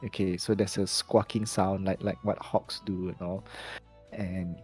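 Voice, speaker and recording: A man's voice: low voice, flat delivery, a little slow, a little mellow, faint music behind. A man narrating a tabletop game as game master, hesitant, often correcting himself mid-sentence. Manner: hesitant, many restarts and self-corrections.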